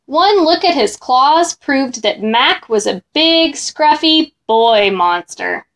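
A woman reading a children's story aloud in an expressive, animated way. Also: high-pitched, slow pace.

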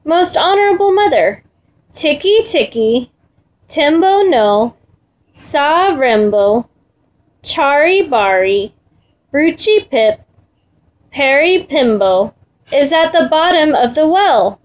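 A woman's voice: sits high, a little slow, low-quality recording. A woman voicing a frantic little boy in a storybook, breathless and pleading as he stumbles over a long name. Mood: desperate.

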